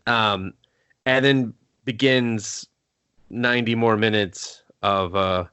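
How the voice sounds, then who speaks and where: A man's voice: on the low side, steady tone, slow, fairly bright tone, clear, resonant tone, no room sound. A man co-hosting a casual movie review podcast, recapping scenes in a rambling, profane way full of fillers. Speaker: podcast co-host.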